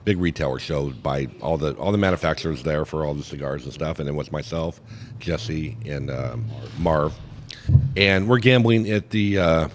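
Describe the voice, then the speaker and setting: A man's voice: extremely low pitch, normal speed, in a large hall, slight background noise. A man from Oregon, a podcast co-host, telling a rambling story in casual chat at a cigar lounge and acting out the voices of the people in it. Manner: rambling, animated, acts out quoted voices.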